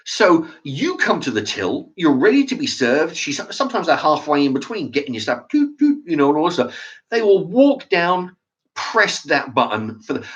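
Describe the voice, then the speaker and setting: A man's voice: on the high side, wildly swooping pitch, moderate pace, fairly bright tone. A man ranting about a shop argument, swearing and acting out both sides of the exchange. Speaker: channel host. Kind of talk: ranting monologue. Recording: dull lo-fi sound.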